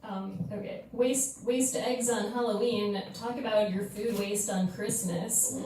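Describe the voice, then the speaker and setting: A woman's voice: medium pitch, fairly even intonation, unhurried, warm tone, a little hiss or hum. Hesitant woman comic in an echoey club. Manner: hesitant, filler-heavy, giggly. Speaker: comedian debater. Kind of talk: stand-up debate. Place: comedy club stage. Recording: echoey room, far from mic.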